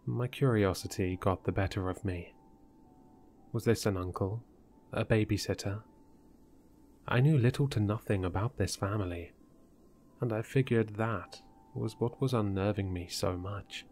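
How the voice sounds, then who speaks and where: A man narrating a horror story in a measured, deliberate way. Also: lowish voice, a little mellow, slight background noise.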